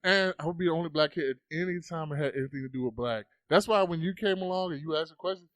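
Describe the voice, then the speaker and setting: A man's voice: on the high side, quick pace, a bit bright, no room sound. A man, a podcast guest, telling a story casually into a close mic. He swears often and acts out the voices.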